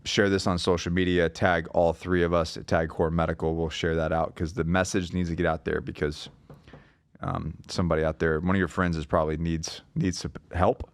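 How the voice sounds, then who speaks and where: A man with a deep, low voice hosts a podcast in a casual way, recorded close and dry. He speaks straight to his listeners in short, punchy lines. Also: level tone, normal speed, dry recording. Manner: direct, punchy sign-off lines. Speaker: podcast host.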